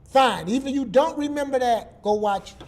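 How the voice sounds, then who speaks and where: A middle-aged man from Detroit, a guest speaker telling a casual, animated story with plenty of repetition. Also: extremely high pitch, moderate pace. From Detroit, USA.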